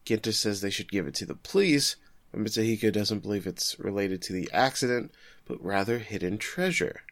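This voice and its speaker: A man in his thirties co-hosting a casual podcast, retelling a story with animated quick acted-out quotes. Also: low-pitched, no echo. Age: 30s. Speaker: podcast co-host.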